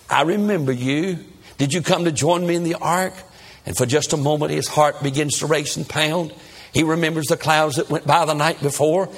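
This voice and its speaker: A male preacher who tells a sermon story dramatically and acts out its characters. His voice is husky and sits a little higher than most men's. He delivers the story in an animated way.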